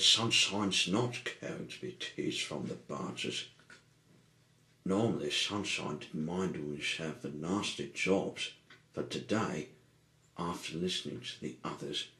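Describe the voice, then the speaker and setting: A man reads a children's story aloud with a low, bright voice. He goes slowly, stumbling and rephrasing as he reads. An echoey room rings around him. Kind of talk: amateur storybook reading.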